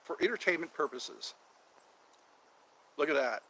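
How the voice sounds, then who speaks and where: A man with a lively, bright voice rambles through a casual outdoor livestream. He wanders from topic to topic, joking and drawing out his words at an unhurried pace. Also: on the high side, poor audio. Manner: meandering, jokey, drawn-out words. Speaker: channel host.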